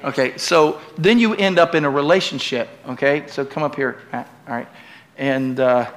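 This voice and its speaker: A middle-aged male pastor preaching a sermon in a church, swinging from loud, emphatic preaching to relaxed, joking asides with the congregation. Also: medium pitch, moderate pace, a little hiss or hum.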